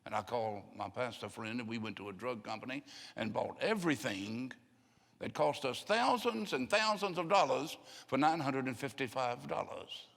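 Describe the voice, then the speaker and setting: A man's voice: mid-range voice, expressive, moderate pace, creaky, a bit bright. Older male pastor in a reverberant church. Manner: folksy storytelling, acts out voices of people he quotes. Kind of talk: sermon. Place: church sanctuary. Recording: long hall reverb.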